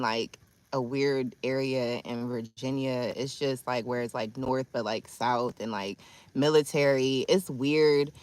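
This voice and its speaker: A woman's voice: low voice, no echo. Slangy woman in her thirties, dry sound. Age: 30s. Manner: chatty, slangy storytelling to chat. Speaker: livestreamer. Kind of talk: casual livestream chat.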